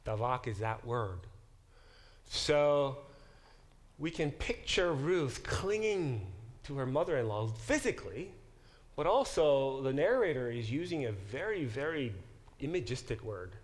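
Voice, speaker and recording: A man's voice: medium pitch, very animated, unhurried. A man teaching a Bible class as a professor, explaining words and passages, questioning his students and correcting himself as he goes. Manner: engaged, questions the class directly; corrects himself mid-sentence.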